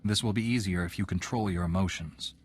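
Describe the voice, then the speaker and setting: An actor playing a brash, defiant young Jedi knight in a video game. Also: male voice, deep voice, a little fast, slightly rough. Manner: defiant and bold.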